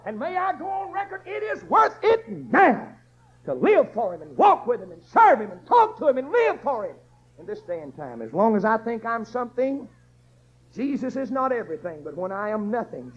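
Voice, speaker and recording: A man's voice: extremely high pitch, big pitch swings, moderate pace, slightly rough. A man preaching an emphatic sermon in a repetitive, rousing cadence. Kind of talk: fiery Baptist sermon. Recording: dull lo-fi church recording.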